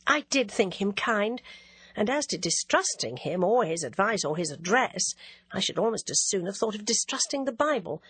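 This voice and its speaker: A woman narrating a classic novel as an audiobook reader, in a measured, even way. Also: medium pitch, slight background noise.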